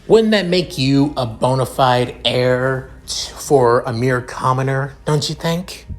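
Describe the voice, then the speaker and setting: A man's voice: mid-range voice, takes it slowly, close to an everyday voice. A man doing a cool condescending young noble. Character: haughty young male noble heir.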